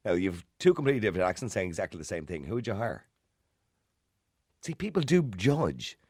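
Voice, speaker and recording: A man's voice: fairly low pitch, very animated, fairly quick, a little mellow, breathy edge, no room sound, clean studio sound. A man with a Dublin accent hosting late-night talk radio, chatty and opinionated, often putting questions to listeners. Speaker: radio talk show host. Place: radio studio. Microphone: studio microphone.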